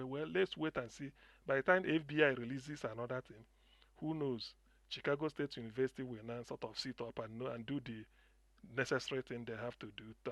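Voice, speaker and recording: A man's voice: mid-range voice, a bit bright, dry recording. A middle-aged Nigerian man calling in, speaking passionately with many restarts and repetitions. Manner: impassioned, repetitive, restarts often. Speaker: caller. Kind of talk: passionate call-in commentary.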